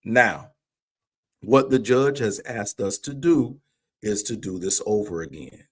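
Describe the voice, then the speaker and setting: Animated man telling a church story. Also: on the low side, slow, husky. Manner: animated storytelling, acts out quoted dialogue. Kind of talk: livestream conversation. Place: remote livestream call.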